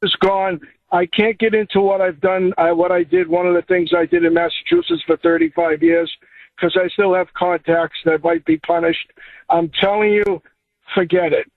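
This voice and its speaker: Man, radio caller, high gravelly voice, emphatic, tinny phone line. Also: big pitch swings, moderate pace, no echo. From Boston area. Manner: emphatic, urgent warnings. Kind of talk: radio call-in.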